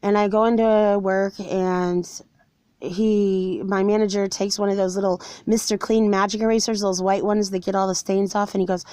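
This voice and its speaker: A woman's voice: mid-range voice, steady tone, fairly quick, darkish tone, no echo. A forty-year-old woman earnestly telling viewers a personal story of being wronged, with an aggrieved tone. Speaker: vlogger telling her own story. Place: somewhere cold.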